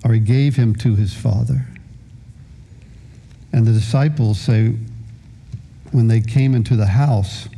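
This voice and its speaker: A man's voice: mid-range voice, gravelly, dark tone. A man in his sixties preaching a sermon as a pastor, often repeating words as he starts a phrase.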